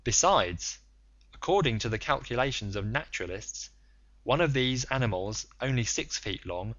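A man narrating a novel in the first person, in a measured, explanatory manner. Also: medium pitch, lively intonation, fairly bright tone, dry recording, dull audio. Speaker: audiobook narrator.

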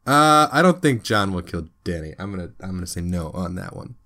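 Animated male podcast co-host. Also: fairly quick. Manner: animated, swoops high when quoting people. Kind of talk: casual podcast chat.

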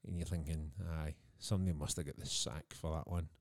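A man's voice: very deep voice, fairly even intonation, brisk, darkish tone. A Scottish man in his thirties, co-hosting a podcast and telling stories in casual chat, laughing often. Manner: chatty storyteller, laughs often. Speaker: podcast co-host.

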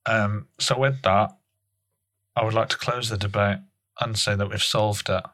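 A man co-hosting a comedy podcast, with deadpan, mock-serious banter. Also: on the low side, a little slow. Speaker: podcast co-host.

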